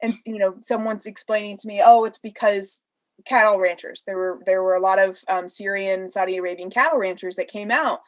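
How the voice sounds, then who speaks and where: A pregnant woman telling stories in a casual podcast interview, laughing often and acting out the voices of people she quotes. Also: mid-range voice. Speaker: interview guest.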